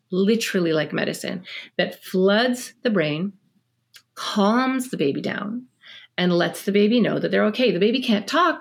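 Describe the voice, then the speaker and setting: An animated middle-aged woman talks as a guest on a parenting podcast. She explains with plenty of energy, moves quickly from point to point, and slips into little acted-out scenes between parents and children. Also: mid-range voice, vocal fry. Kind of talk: podcast interview.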